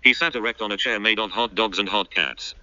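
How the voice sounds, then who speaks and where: A man narrating an absurd comic story in a flat, deadpan read-aloud. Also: fairly low pitch, brisk. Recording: dull, muffled lo-fi recording.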